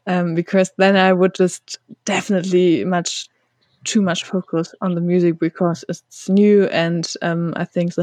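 Slow, halting woman in casual chat. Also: on the low side, flat delivery, darkish tone, dry recording. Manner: halting, many fillers and restarts, laughs often. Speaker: podcast co-host.

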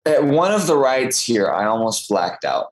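A man's voice: medium pitch, very animated, normal speed, rough recording. A young man from Texas, an actor, telling stories in a casual interview with a chatty, self-deprecating manner. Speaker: guest actor.

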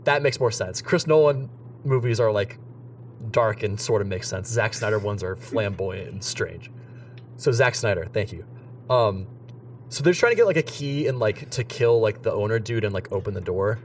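A man's voice: on the low side, lively intonation, moderate pace, far from the mic, a little hiss or hum. A young man co-hosting a casual podcast chat, rambling and filling his talk with "like". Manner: rambling, heavy use of "like". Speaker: podcast co-host.

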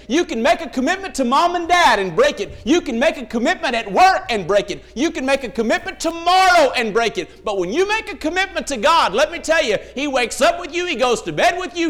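A man's voice: very high-pitched, a bit bright. A man preaching a sermon, emphatic, telling stories and acting out the voices in them.

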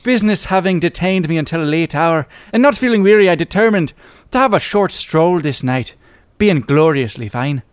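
A man reading aloud as a genteel old Irish gentleman, in a put-on lilting Irish accent and a florid, old-fashioned manner. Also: sits high, lively intonation, extremely slow, few pauses, clear, resonant tone, no room sound, clean studio sound, voice pushed up, full character voice. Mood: solemn.

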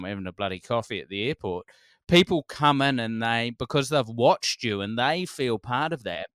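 A New Zealand man in his forties chats on a podcast in a smooth, resonant voice. He tells stories with lively energy and acts out what other people said. The sound is dry and close. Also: medium pitch, dry recording. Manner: animated storyteller, acts out quotes, laughs often. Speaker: comedian guest. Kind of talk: casual podcast chat.

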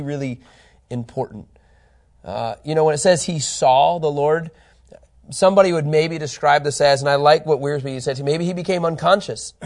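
Guy teaching bible study, kinda high voice, gets really fired up reading scripture. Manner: animated, emphatic, reads scripture aloud with rising intensity.

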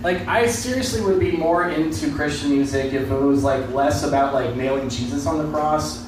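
A man hosting a casual comedy podcast, a stand-up comic who jokes freely and breaks into high mock voices. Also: normal speed, noisy background.

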